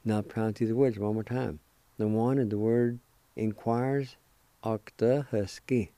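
A man hosting a radio language lesson, spelling out letters one at a time and repeating each word slowly and deliberately. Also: fairly low pitch, steady tone, dark tone, clear, resonant tone, no room sound. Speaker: radio language teacher and host.

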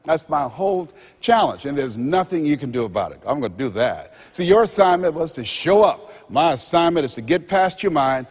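A man delivers a motivational speech from a stage, his pitch swooping high and low as he builds each point like a preacher. His voice has a husky edge, and the lo-fi recording carries a long echo from a big hall. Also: sing-song, moderate pace, few pauses. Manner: dramatic, acts out quoted voices, preacher-like build-ups. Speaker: motivational speaker. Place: stage in a large hall with a live audience. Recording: lo-fi recording in a large reverberant hall.

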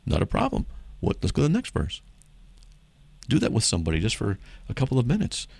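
Animated, lively-pitched male radio host. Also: quick pace, vocal fry, slightly rough, no echo. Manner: animated, emphatic, argues by playing out mock dialogues. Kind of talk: call-in radio apologetics talk.

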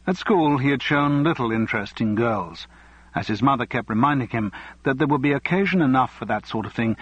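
A man narrates a novel at a measured, even pace. His voice is husky and sits at a middle pitch. The dry, close recording sounds dull. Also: no room sound. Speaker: audiobook narrator. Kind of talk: scripted narration.

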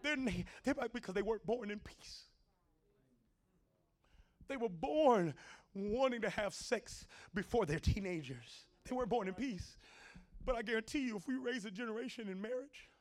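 A middle-aged man pastor preaching a sermon in folksy everyday phrasing, swinging from low talk up to loud shouted lines. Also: lively intonation, moderate pace.

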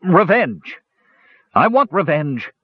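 A man's voice: fairly low pitch, wildly swooping pitch, moderate pace, breathy edge, dry recording, exaggerated voice. A man voicing a short-tempered, scheming brute of a swordsman who snaps at people, in a slightly muffled recording. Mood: angry. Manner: snapping, then fake sweetness.

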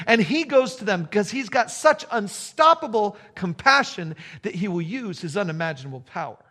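A man's voice: sits high, fairly bright tone. A man preaching a sermon as a pastor, telling the story with repeated phrases and building emphasis. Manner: storytelling with rising emphasis and repetition.

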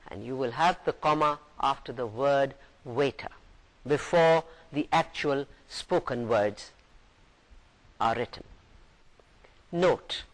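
A man's voice: a little high, expressive, slow pace, long pauses, fairly bright tone, rough recording. A man giving a recorded university lecture, patiently explaining each point and reading example sentences aloud.

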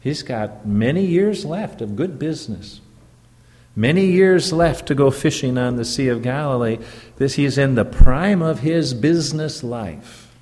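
Slow-preaching pastor in a reverberant hall. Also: male voice, mid-range voice, animated, a little mellow. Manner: slow, deliberate preaching with emphatic rises. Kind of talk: sermon. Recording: long reverb of a church hall.

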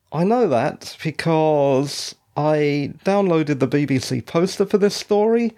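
A man hosting a review show, talking through his opinions in a measured, dryly critical way. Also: on the high side, a little mellow. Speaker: podcast reviewer. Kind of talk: solo review commentary.

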